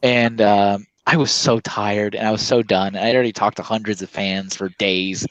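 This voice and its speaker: A man talks in a low register, spinning a casual story with animated turns and acted-out quotes. The sound is close and dry, with no room around it. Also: normal speed, few pauses, dry recording, lo-fi sound. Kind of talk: casual chat.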